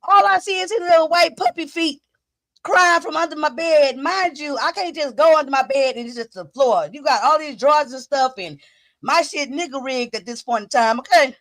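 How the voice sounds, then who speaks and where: A woman hosting a casual live stream, talking straight to her viewers in an excitable, profane way. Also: high-pitched, normal speed, no room sound, studio quality.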